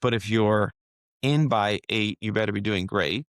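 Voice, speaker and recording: A man's voice: on the low side, a little slow, no echo, clean studio sound. Earnest man telling a personal story. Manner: earnest, emotional, coaching tone. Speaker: podcast guest, wealth manager. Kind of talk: casual conversational storytelling.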